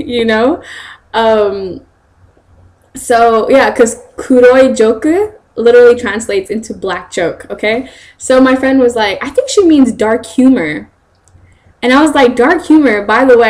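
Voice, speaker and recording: A young woman chatting straight to her camera at home, giggling her way through a story. Her voice sits a little high for a woman, and she jumps up even higher whenever she acts out what someone said. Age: young adult. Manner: animated, giggly, quotes people in bursts. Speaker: vlogger, student studying abroad in Japan. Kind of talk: casual storytelling vlog.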